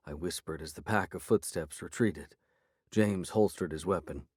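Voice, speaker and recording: A male narrator with a fairly low voice reads a first-person fantasy story. His delivery is even and dry, recorded close with no room sound. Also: normal speed, dry recording. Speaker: audiobook narrator.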